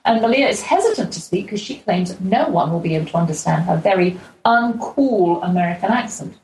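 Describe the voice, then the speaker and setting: A woman's voice: medium pitch, lively intonation, fairly quick, a little mellow. A middle-aged woman, originally from England, telling a chatty, lightly humorous travel diary as a show host. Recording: roomy echo with faint ambient noise.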